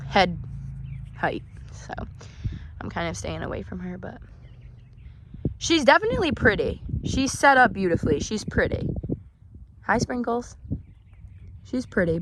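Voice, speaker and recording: A woman's voice: medium pitch, background noise. An eighteen-year-old woman chatting casually and rambling for her vlog, recorded outdoors in a cattle pen on a handheld phone. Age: young adult, eighteen. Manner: chatty, rambling, self-correcting. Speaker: hobby cattle keeper vlogger.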